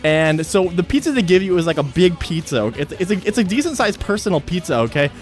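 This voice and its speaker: Hyper young guy livestreaming from home, high voice bouncing all over, swears a lot. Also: fast, faint music behind. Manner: excitable, swears freely, repeats himself. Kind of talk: casual livestream chat. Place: home streaming setup.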